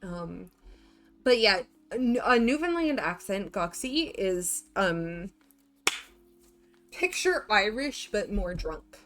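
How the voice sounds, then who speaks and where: A woman's voice: mid-range voice, very animated, slow, a bit bright, soft background music. A woman from Canada with a Canadian accent, chatting casually and rambling with lots of fillers as she streams to viewers.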